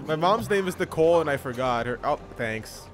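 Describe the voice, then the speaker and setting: A man hosting a co-op gaming session, chatting casually, joking and laughing a lot. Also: fairly high pitch. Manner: excitable, joking, laughing often. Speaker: gaming channel host. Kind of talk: casual co-op gameplay chat.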